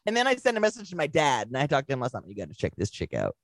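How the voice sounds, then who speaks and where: A woman with a bass voice talks very fast in a dry, clean studio recording. She co-hosts a podcast, telling animated stories in casual chat, acting out quotes and swearing freely.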